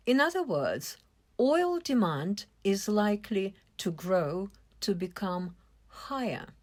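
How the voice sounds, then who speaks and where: A woman teaching English vocabulary at an unhurried pace. Her pitch rises and falls in lively swings as she spells out meanings and syllable stress with care. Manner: slow, careful explaining with stressed syllables. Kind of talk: vocabulary lesson.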